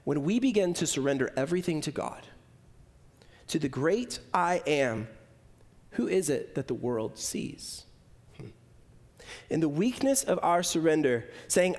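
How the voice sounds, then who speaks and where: A man with a high-pitched voice delivers a sermon. He builds rhythmic, repeated lists and swings between forceful emphasis and quiet, drawn-out lines. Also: expressive. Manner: dramatic swings between loud emphasis and hushed, slow lines; rhythmic, list-like repetition. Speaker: pastor.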